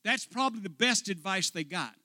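A male pastor preaching a sermon, putting "uh" before phrases in a rhythmic, rising delivery that builds to shouts. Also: high voice, lively intonation, a little fast, dry recording, studio quality.

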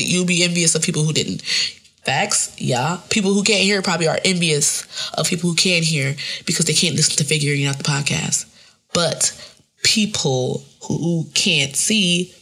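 Woman doing a rambly cussing podcast, lively up and down pitch, lowish voice. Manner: profane, rambling, laughing often. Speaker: podcast host. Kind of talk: casual solo podcast monologue.

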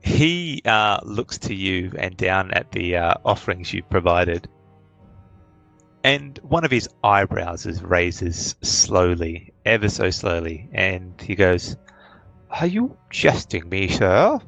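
A man with a low, gravelly voice narrates as game master. He paces his descriptions slowly, with frequent ums. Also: fairly bright tone, soft background music, poor audio. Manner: measured, halting with ums.

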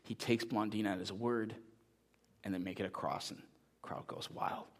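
A man delivering a sermon as pastor speaks at a moderate pace with a lowish voice. His storytelling is lively at first, then he makes a quiet, earnest plea to the congregation.

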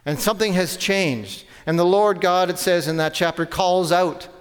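A man's voice: high-pitched, normal speed, smooth. A man preaching a sermon, conversational, with self-corrections and rhetorical questions. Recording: long hall reverb.

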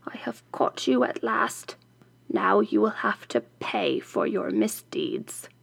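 A woman voicing a furious, vengeful old witch in a storybook reading, slow with low menacing threats. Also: very animated, creaky, slightly rough, heavily acted.

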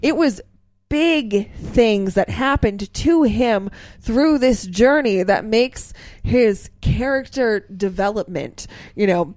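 A woman in casual conversation, retelling a film's plot in an animated way with lots of fillers. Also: on the high side, slow pace, no room sound. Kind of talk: casual movie discussion.

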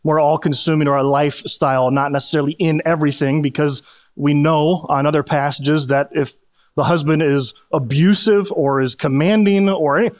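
Male pastor, middle-aged, preaching in a high, conversational voice with jokes and restarts. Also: fairly even intonation, moderate pace. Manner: conversational, self-deprecating humor, repeats words when restarting. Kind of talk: sermon.

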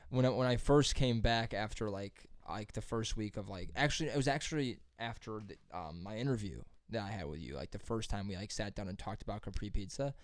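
A man's voice: lowish voice, no room sound. A young man hosting a podcast, chatting in a laid-back way, laughing often and swearing casually.

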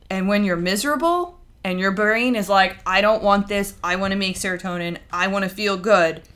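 A woman co-hosting a podcast in a chatty, animated way. Her voice sits a little low and sounds bright and forceful. She slips into little quoted voices as she talks. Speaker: podcast co-host. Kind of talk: casual podcast chat.

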